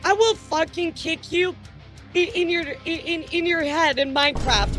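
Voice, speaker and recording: High-voiced woman vtuber chatting on stream, giggly, swears a lot, faint music behind. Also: a little slow. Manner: giggly, animated, swears casually. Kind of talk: casual live-stream chat.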